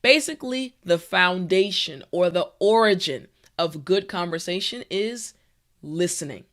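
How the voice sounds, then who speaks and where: A woman's voice: on the low side, unhurried. A woman teaching an online English lesson, speaking with confidence and encouragement, often checking in with "okay?" and "right?". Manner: confident, animated delivery.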